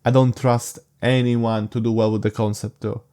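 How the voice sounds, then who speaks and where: A young man with a mellow, unforced voice hosts his podcast solo. He sounds sleepy and drifts from point to point, stumbling over restarts. He stays frank and casual throughout. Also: medium pitch, level tone, clean tone. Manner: rambling, halting, frank. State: sleepy, yawning. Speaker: podcast host.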